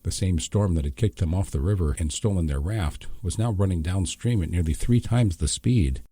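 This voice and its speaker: A man reading an audiobook in scripted, measured narration. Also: low-pitched, dark tone, husky, dry recording, studio quality.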